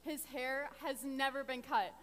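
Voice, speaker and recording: Brief: a man doing a sly, scheming young woman, pitched high, echoing in a hall. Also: unhurried, bright, forceful tone, heavily acted. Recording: echoey hall, heard from a distance.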